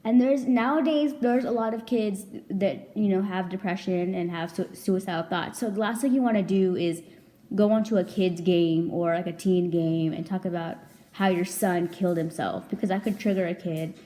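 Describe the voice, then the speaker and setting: A woman's voice: lowish voice, fairly even intonation, normal speed, mellow. A young woman vlogging a casual storytime, rambling and chatty, packed with "like" and casual swearing. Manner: chatty, rambling, heavy filler "like", swears freely.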